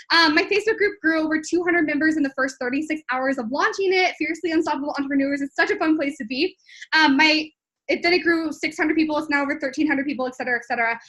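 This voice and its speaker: A woman in her twenties, a business coach talking excitedly to viewers in a live stream, gushing with lots of likes and ums. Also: high-pitched. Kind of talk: live-streamed sales talk.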